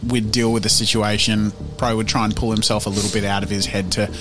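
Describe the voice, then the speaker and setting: A man's voice: lowish voice, flat delivery, fast, music in the background. A man playing in a streamed tabletop game, chatting in a playful, giggly, apologetic way. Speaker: player. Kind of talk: casual tabletop game chat.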